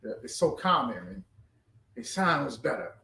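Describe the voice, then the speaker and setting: A man leading a scripture class, animated and bantering with call and response. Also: mid-range voice, unhurried, creaky. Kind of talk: street-preaching style scripture class. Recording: roomy echo, distant from the mic.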